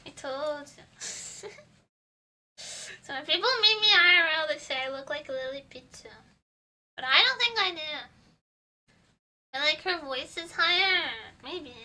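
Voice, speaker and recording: Squeaky, bright-voiced young woman streamer. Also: expressive, unhurried, pauses often. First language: Portuguese. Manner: giggly, rambling, playful. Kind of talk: casual livestream chat while baking.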